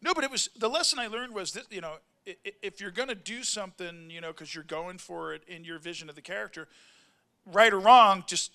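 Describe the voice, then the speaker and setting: A man's voice: high voice, fairly quick, sharp tone. A middle-aged male actor telling a rambling story at a convention panel, stopping and restarting his sentences and acting out what others said. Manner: rambling, self-interrupting storyteller who acts out quotes.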